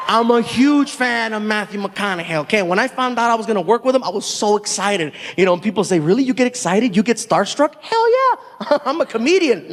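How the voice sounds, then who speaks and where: A man doing animated stand-up storytelling on a theater stage, acting out the voices of people in his stories. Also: sits high, long reverb tail. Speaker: stand-up comedian.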